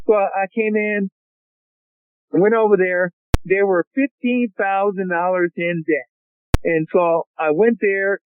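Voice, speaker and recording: High-voiced older man on a phone line. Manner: animated storyteller who keeps addressing the hosts as "fellas". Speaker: college football head coach and guest. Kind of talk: phone interview. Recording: tinny phone line with hiss.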